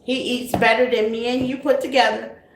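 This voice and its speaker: A woman's voice: a little high, little pitch movement, normal speed. A woman hosting a tarot live stream, chatting casually and greeting her viewers with terms like baby and honey. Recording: echoey room, faint noise.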